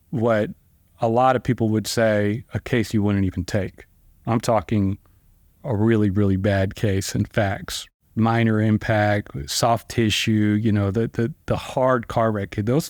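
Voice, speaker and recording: A middle-aged man with an ordinary mid-range voice tells his trial stories in a relaxed, rambling way. He keeps saying "like" and "you know" and jumps up in pitch whenever he voices someone. The sound is dry and close, with no room around it. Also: no echo. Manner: lively storyteller who acts out quoted dialogue with sharp pitch jumps; loose, conversational phrasing with fillers like "like" and "you know". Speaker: trial attorney, podcast guest. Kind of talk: casual anecdotal storytelling.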